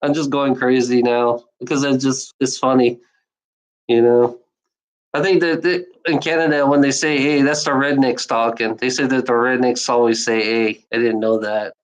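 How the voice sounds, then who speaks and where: A woman's voice: rumbling low, flat delivery, normal speed, low-quality recording. A woman talking in a casual, rambling monologue. She repeats herself, swears freely and keeps adding "you know". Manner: profane and exasperated. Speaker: speaker sharing opinions.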